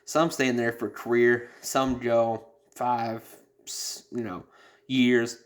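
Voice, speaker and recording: A man on a podcast giving blunt, rambling advice in casual talk, cursing and using many fillers. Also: mid-range voice. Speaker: podcast host.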